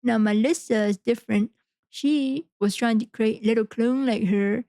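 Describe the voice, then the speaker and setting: A woman's voice: a little high, measured pace, mellow, dry recording. A woman hosting a podcast, talking frankly in a rambling, casual monologue full of fillers. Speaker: podcast host.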